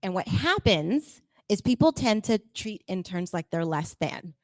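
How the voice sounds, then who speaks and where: A woman speaking to a live audience in a chatty, animated way, acting out quoted voices and laughing often. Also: mid-range voice, a little slow, dry recording, clean studio sound. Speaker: workshop speaker.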